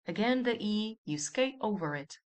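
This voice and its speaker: A woman teaching a language lesson, speaking slowly and clearly and repeating model words for the listener. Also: mid-range voice, lively intonation. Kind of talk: scripted language lesson narration.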